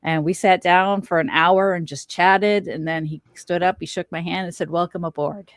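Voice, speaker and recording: A woman's voice: lowish voice, moderate pace, dry recording, clean studio sound. A middle-aged woman recounting a personal encounter as a podcast guest, acting out quoted lines as she tells it. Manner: animated storyteller, acts out quoted lines. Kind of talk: casual storytelling interview.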